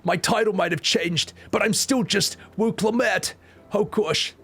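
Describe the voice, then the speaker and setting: A man voicing a brash, eager young female warrior princess over a game cutscene, reading her lines in a husky voice with crude ad-libs. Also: sits high, measured pace, fairly bright tone, voice pushed up, exaggerated voice. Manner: reads game lines with crude ad-libbed insults.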